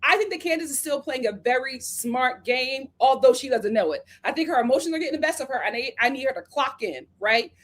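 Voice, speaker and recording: A woman's voice: high voice, expressive, fairly quick, hardly any pauses. A woman hosting a live review of a reality show, talking casually and acting out the cast members' lines as she recaps.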